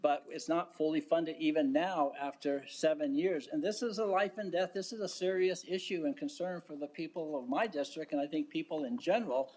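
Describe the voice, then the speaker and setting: At a public board meeting, a male county commissioner speaks in a halting, deliberate way, full of fillers and restarts. His voice is a little high with a darkish tone.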